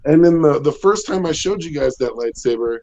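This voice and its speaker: A man in his thirties with a loud, bassy voice, doing a rambling stand-up set from home with lots of ums and chuckles. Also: lively intonation, fairly quick, creaky, lo-fi sound. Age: 30s. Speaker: stand-up comedian. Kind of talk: casual stand-up set over video call. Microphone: home video call.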